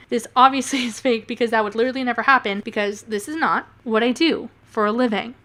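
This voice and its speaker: A woman's voice: on the high side, a bit bright. A woman YouTuber giving casual commentary, sarcastic, swearing and often laughing.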